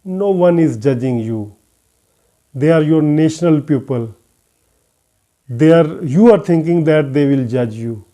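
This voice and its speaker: A man who is not a native English speaker gives an earnest English lesson, talking slowly with many pauses and fillers. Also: fairly high pitch, animated, dark tone. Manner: earnest, advising. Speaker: English teacher.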